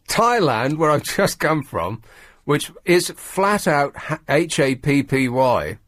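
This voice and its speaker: A man holds forth on talk radio with a sardonic, grumbling wit. His pitch swoops lively up and down as he mocks his subject. The studio sound is dry and close. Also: takes it slowly, pauses often, dry recording. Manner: sardonic, grumbling, mocking asides. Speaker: radio show host. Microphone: studio microphone.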